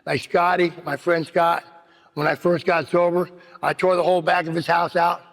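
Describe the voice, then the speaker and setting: A man's voice: fairly high pitch, little pitch movement, moderate pace, fairly bright tone. A man giving a rambling personal recovery share at a meeting, full of "you know what I mean.". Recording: long hall reverb.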